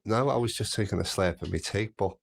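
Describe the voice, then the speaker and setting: A man's voice: fairly low pitch, quick pace, vocal fry, slightly rough. A man from Birkenhead with a Merseyside accent, chatting casually and rambling on his home livestream. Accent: Merseyside (Scouse-like). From Birkenhead, England. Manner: rambling, chatty, easily sidetracked. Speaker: livestream host.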